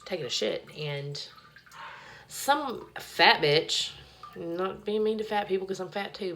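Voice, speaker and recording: With a fairly low-pitched yet fairly bright voice, a woman vlogs into the phone in her hand from a cramped home bathroom. She rambles, curses, and fills her casual talk with "like."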